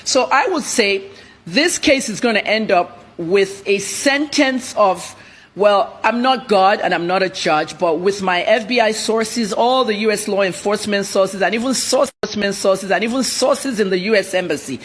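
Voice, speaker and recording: A woman journalist from Nigeria speaks as a guest on a TV interview. She talks bluntly and in rapid-fire bursts. Her voice is husky and mid-pitched. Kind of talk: TV interview commentary.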